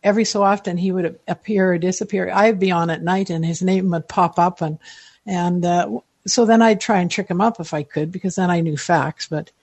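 A woman's voice: on the low side, fairly even intonation, a little fast, a little mellow, no echo. A woman in her seventies, a guest telling long rambling stories in casual interview chat, chatty and self-deprecating. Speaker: listener guest.

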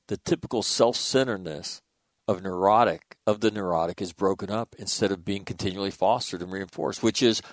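Male radio host, casual commentary, blunt and profane, lowish voice, dry close sound. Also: no room sound. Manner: blunt, profane, emphatic with many restarts.

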